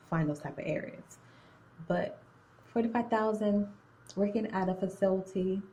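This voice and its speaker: A young woman with a slightly low voice tells a story casually to her phone camera. She talks in a chatty, slangy way and slips in and out of an accent. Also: darkish tone, rough recording. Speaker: nursing student. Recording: phone-recorded video.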